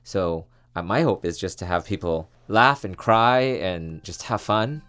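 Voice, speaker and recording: Podcast host, male, deep-voiced, earnest and reflective, fillers, personal monologue. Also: expressive, a little slow, fairly bright tone. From California, US. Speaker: podcast host, former TV reporter.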